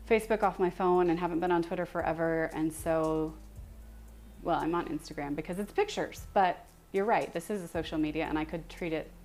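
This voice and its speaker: A young woman hosting a cooking livestream from her home kitchen, chatting casually with viewers, self-deprecating and quick to laugh. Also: lowish voice, a little mellow, slight background noise. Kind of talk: casual chat with live viewers while cooking.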